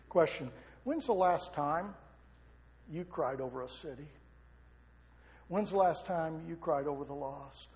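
High-voiced preaching man in a big hall. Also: normal speed, pauses often, a little mellow. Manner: impassioned preaching with rhetorical questions. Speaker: pastor. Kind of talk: sermon. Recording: long reverb of a large hall.

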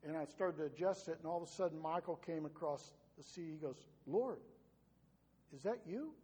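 A man's voice: fairly high pitch, steady tone, fast, a little mellow, husky, long reverb tail. A man preaching a sermon as pastor, earnest, often repeating words as he builds a point.

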